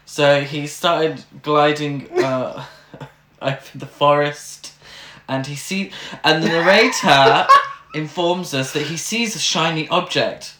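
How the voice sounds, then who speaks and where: A woman's voice: sits low, slow pace, a bit bright. A woman co-hosting a casual podcast chat, laughing often and swearing freely. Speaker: podcast co-host. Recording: echoey room with background noise.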